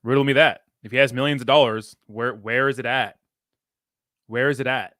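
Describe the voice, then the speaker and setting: A man's voice: mid-range voice, steady tone, normal speed, bright, forceful tone, no room sound, studio quality. Blunt, swearing man reacting to clips. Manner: blunt, profane slang. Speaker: reaction streamer. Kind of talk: casual reaction commentary.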